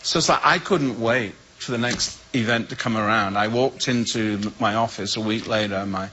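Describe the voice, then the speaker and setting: A man with an English accent, a guest speaker telling a humorous personal story with lively voices for the people in it. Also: lowish voice, moderate pace, rough recording. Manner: lively storyteller who acts out the voices in his tale.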